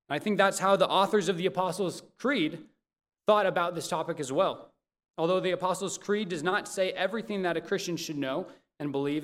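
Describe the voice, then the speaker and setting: A man preaching a sermon as pastor, earnest and measured, putting questions to the congregation. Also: a little high.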